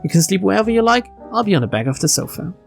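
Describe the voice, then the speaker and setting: An aloof young male detective from a mystery game, as a woman puts him on, dropping her voice low and flat. He sounds dry and dismissive, with a gravelly fry at the ends of his lines. Soft music sits behind him. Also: rapid-fire. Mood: explaining.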